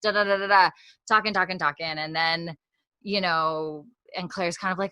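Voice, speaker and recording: Podcast co-host, young woman, chatty recapper who acts out lines; bright tone. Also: medium pitch, animated, moderate pace, no echo. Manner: chatty retelling, acting out characters' lines. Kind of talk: casual podcast chat.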